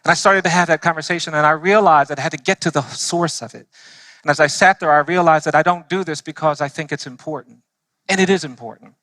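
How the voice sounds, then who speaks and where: A man, a lawyer, telling stories in an impassioned speech to a church audience, slowing down to stress his points. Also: fairly high pitch, pushed and bright, no room sound. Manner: earnest storytelling, slowing for emphasis.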